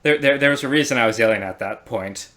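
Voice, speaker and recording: A man's voice: mid-range voice, fast talker, bright, forceful tone, slight background noise. A man co-hosting a podcast, mostly agreeing in short replies and sometimes voicing exasperation about a film. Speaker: podcast co-host. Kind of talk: casual chat.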